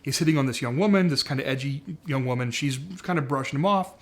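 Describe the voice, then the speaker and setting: A man casually talking through a TV series story pitch in a conversational way, full of "like" and "uh". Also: fast. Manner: conversational, frequent "like" and "uh".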